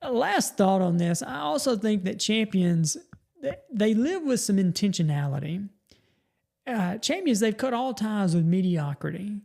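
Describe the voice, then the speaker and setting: Gravelly man giving a motivational talk. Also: high voice, lively intonation, measured pace, a little mellow. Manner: folksy, repeats and restarts words. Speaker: podcast host.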